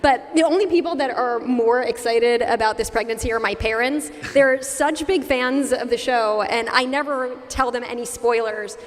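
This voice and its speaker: A woman's voice: a little high, moderate pace, hardly any pauses. A woman moderating a convention panel, telling a story in a chatty, amused way. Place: large convention hall. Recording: roomy hall reverb.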